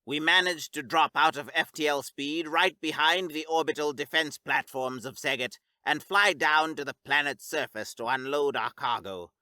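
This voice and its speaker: Bright-voiced man reading a sci-fi story. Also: fairly high pitch, moderate pace, few pauses, dry recording. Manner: steady, even storytelling read. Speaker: narrator. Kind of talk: scripted story narration.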